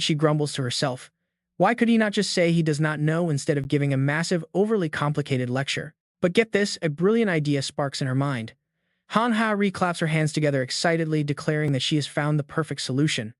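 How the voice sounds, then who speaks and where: A man's voice: fairly high pitch, animated, fairly quick, no echo, clean studio sound. A man narrating a comic-book story recap in a scripted, dramatic storytelling manner.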